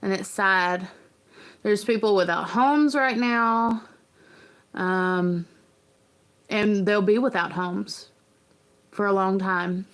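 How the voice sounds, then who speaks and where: Woman, livestream host, earnest, halting, rambling, casual chat. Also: mid-range voice, fairly bright tone. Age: adult parent.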